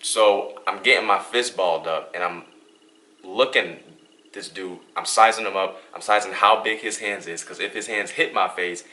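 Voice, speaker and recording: Man, very low pitch, bright tone, young adult, casual storytelling, acts out dialogue. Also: moderate pace. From Western New York. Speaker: vlog host.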